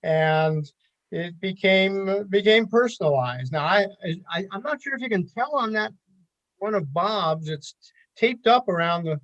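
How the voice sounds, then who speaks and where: Older man, retired forecaster, high-pitched, slow easy storyteller; lo-fi remote line. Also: animated, a bit bright. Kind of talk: casual recollection on a podcast. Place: home, remote call.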